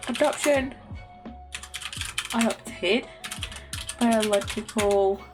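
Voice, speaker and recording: A woman's voice: a little high, drawn-out words. A young woman streaming a word-guessing game, swearing constantly and thinking aloud as she tries out guesses. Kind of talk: casual game commentary. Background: faint lo-fi music.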